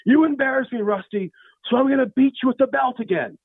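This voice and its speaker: A man's voice: high-pitched, fast talker, no echo, pitched above the performer's own voice. A man voicing an exasperated young man who coaxes and scolds a friend. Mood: scolding. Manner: coaxing, scolding. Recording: tinny phone-like line.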